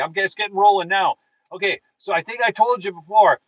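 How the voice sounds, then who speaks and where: A man's voice: sits high, quick pace, a bit bright, no echo, rough recording. A man hosting a live political show from his car, fired up and preachy, talking straight to his viewers and reading their chat. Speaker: political talk show host.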